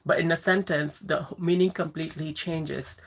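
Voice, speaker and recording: A woman's voice: sits low, fairly even intonation, normal speed. Chatty woman hosting a live Q&A. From moved to the UK from abroad. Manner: chatty, rambling, reads out viewer comments and greets them by name. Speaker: livestream host answering viewer questions. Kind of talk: casual live Q&A chat.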